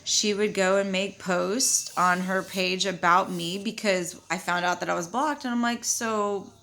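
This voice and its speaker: A woman's voice: medium pitch, fairly even intonation, a little slow, fairly bright tone. A young woman venting in a casual vlog monologue, blunt and swearing freely as she retells quoted exchanges. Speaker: vlogger.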